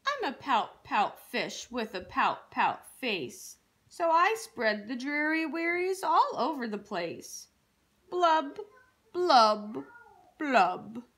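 A woman's voice: high-pitched, sing-song, slow, fairly bright tone, exaggerated voice. A woman voicing a gloomy male fish in a children's storybook, chanting his mopey refrain in a sing-song way. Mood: glum.

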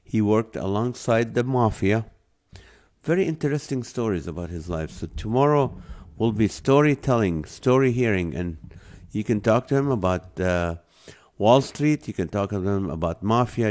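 A man hosting a live show, chatting casually and venting in a rambling, comic way. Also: fairly low pitch. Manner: rambling, venting, animated when annoyed. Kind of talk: casual comedic monologue.

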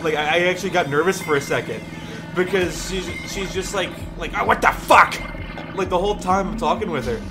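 A man's voice: high-pitched, fast talker, music in the background. A young man hosting a let's play, telling a long rambling story in casual gameplay commentary and swearing freely.

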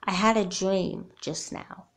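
A woman's voice: mid-range voice, takes it slowly, fairly bright tone. A woman voicing a wary, earnest young girl doll in a homemade doll movie, who speaks bluntly.

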